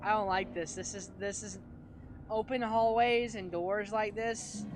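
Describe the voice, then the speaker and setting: A man's voice: sits high, fairly even intonation, unhurried, over music. A man playing a horror game and commenting nervously, swearing and laughing as he goes. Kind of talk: let's play commentary, reading game text aloud.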